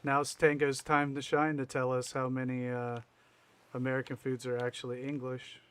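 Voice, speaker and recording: A man's voice: mid-range voice, monotone, normal speed, a bit bright, smooth. A man livestreaming a building game, chatting casually and wryly teasing his viewers as he plays. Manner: wry, teasing chat, frequent laughs. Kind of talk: casual gameplay chat with viewers.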